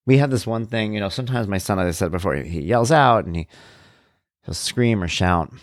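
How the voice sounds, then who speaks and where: A man telling personal stories about his family in a casual, animated way, acting out the voices of people he quotes. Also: on the low side, a little fast, no room sound, clean studio sound. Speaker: father sharing personal stories.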